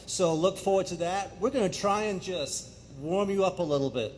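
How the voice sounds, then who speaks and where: Lively middle-aged man addressing a crowd. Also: sits high, normal speed, slight background noise. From England. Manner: animated, joking with the audience. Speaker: speaker. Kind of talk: energetic public talk. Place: school auditorium.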